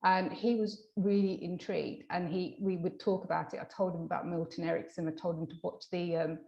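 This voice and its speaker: A woman with a slightly low voice tells a story from her practice in a relaxed interview. She acts out the quoted lines with bursts of energy and often trips over her words before going on. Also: fairly quick, gravelly, muffled recording. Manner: animated, acts out quoted dialogue; many fillers and restarts. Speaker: hypnotherapist guest.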